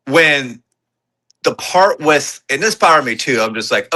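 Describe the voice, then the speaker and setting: A man's voice: on the high side, lively intonation, measured pace, sharp tone, rough recording. A man co-hosting a podcast, chatting casually about a horror film and mimicking characters' reactions. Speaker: podcast co-host. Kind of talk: casual movie review chat.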